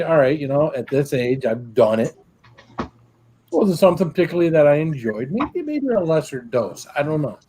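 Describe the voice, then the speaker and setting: A man's voice: mid-range voice, darkish tone, slight background noise. A man hosting a livestream, talking in a rambling, laid-back way full of fillers and restarts. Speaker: livestream host. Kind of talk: casual chat.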